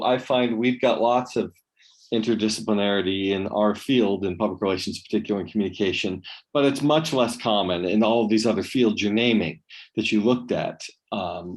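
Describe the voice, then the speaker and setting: Man in a seminar, lowish voice, measured and thoughtful question. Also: rough recording. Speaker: discussant asking a question.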